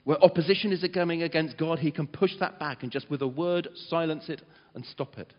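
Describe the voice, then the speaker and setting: Guy preaching, lively storytelling, dull muffled sound, long echo in a big hall. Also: fairly high pitch, brisk. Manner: animated storyteller, dramatizes quotes loudly. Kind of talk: sermon.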